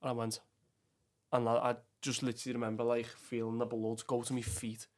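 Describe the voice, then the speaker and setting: A man's voice: mid-range voice, completely flat delivery, fairly quick. A young man with a Liverpool Scouse accent, a podcast guest telling a personal story bluntly, swearing often and calling the listener "lad". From England. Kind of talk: emotional storytelling.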